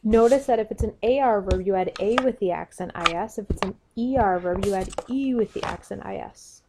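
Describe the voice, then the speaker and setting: A woman's voice: medium pitch, a little fast. A woman with a mid-range voice teaches a recorded grammar lesson, explaining each step patiently and spelling out the endings one letter at a time. Pen clicks and writing sounds run under a noisy, hissy track. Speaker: Spanish teacher.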